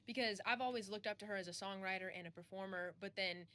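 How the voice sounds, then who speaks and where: Young Texan woman, country artist in an interview, bright voice, chatty and bubbly. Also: mid-range voice, fast talker. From Texas. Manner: bubbly, laughs often, lots of fillers. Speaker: country music artist, guest. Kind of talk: casual interview chat.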